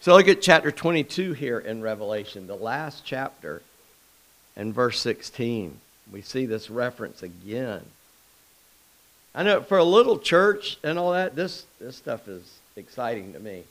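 A man's voice: mid-range voice, big pitch swings, unhurried, low-quality recording. A man preaching an informal sermon in a small church, folksy and conversational, with asides and restarts. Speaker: pastor.

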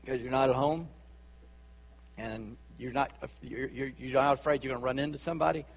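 A man with a Charleston Southern accent preaching a sermon as a pastor, chatty with asides and quick laughs. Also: medium pitch, steady tone, vocal fry, big-room sound. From Charleston, South Carolina.

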